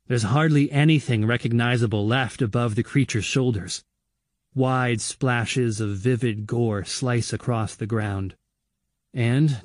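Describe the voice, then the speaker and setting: Male audiobook narrator, grim and measured, dead-dry studio sound. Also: mid-range voice, darkish tone, dry recording. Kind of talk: scripted horror narration.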